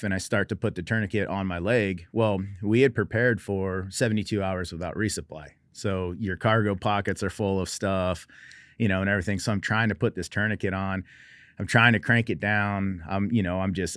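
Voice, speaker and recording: A man's voice: low-pitched, steady tone, fairly quick, fairly bright tone, smooth, no echo, clean studio sound. A middle-aged man from Oregon, a military veteran guest telling his story in a wry, understated, self-deprecating way. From Oregon, USA. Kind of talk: personal storytelling in conversation.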